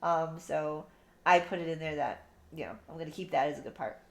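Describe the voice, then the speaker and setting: A woman's voice: low-pitched, brisk, gravelly. Blunt, profane woman podcaster. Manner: blunt and profane, animated retelling. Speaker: podcast co-host. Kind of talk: casual book review chat.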